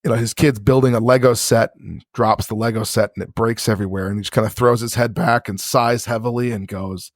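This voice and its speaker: A man's voice: medium pitch, fairly even intonation, quick pace, few pauses, no echo. A man chatting on a podcast with easy, frank candor and loose profanity. His voice sits in a middle register. The sound is dry and close, with no room around it. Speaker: podcast co-host. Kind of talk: casual podcast chat.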